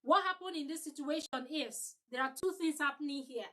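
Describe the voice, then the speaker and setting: A woman's voice: high-pitched, brisk, pushed and bright, poor audio. A woman leading an online customer-service training, emphatic, repeating her points and acting out sample lines.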